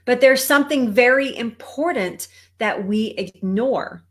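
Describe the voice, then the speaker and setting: A woman's voice: a little high, a little slow. A woman with a Texan accent, a cancer coach giving a conversational motivational talk to live viewers. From Texas. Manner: conversational, greets viewers, laughs often.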